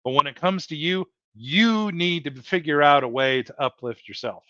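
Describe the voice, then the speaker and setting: A man's voice: a little high, moderate pace, fairly bright tone, dry recording. A man hosting a livestream, talking earnestly and repetitively as he encourages his viewers, whom he calls folks. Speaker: livestream host. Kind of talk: heartfelt motivational livestream talk. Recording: dull lo-fi dry sound.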